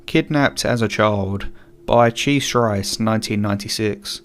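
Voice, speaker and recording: A man reading a first-person horror story aloud in a calm storytelling manner. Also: lowish voice, measured pace, faint music behind. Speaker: narrator. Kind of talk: scripted narration.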